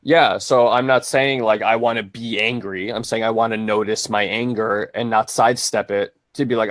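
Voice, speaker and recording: Low-voiced man in reflective podcast chat. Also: steady tone, moderate pace, few pauses, a bit bright, no room sound. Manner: reflective, searching, with many "like" and restarts. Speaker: co-host and transformation coach. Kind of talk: casual podcast conversation.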